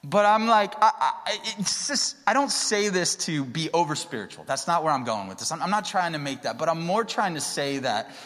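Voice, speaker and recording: A young adult man, a pastor, giving a sermon in a relaxed storytelling way that grows more animated at times. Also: a little high, normal speed, few pauses. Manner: conversational storytelling, rising to excited emphasis. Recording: long reverb of a large hall.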